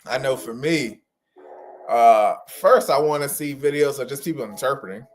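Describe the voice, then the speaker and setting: A man's voice: medium pitch, normal speed, faint music behind. Casual man hosting a livestream. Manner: relaxed, informal, repeats phrases for emphasis. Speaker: host of an interpreting practice livestream. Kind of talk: casual livestream talk to viewers.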